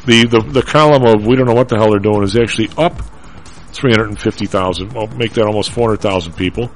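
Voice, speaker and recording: A man's voice: lowish voice, fast, slight background noise, low-quality recording. A man hosting a radio talk show about markets, thinking aloud as he reads figures and stumbles over the data.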